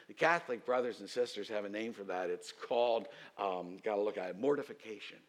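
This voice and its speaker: A man preaching a sermon as pastor, telling stories and rising to loud, emphatic outbursts. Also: on the low side, a little fast.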